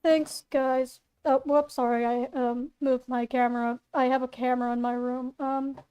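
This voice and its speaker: A woman's voice: a little high, flat delivery, normal speed, warm tone, clear, resonant tone. A woman reading her story aloud in her room, rambling and playful, correcting herself as she goes. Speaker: fan fiction reader and voice actor. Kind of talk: casual reading with asides. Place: bedroom.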